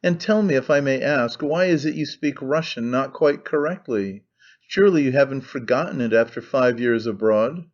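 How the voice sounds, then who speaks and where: A man's voice: medium pitch, moderate pace, dull audio, natural voice. A man voicing a skeptical young man who questions his companion in a dry, probing manner. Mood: questioning. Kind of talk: audiobook character reading.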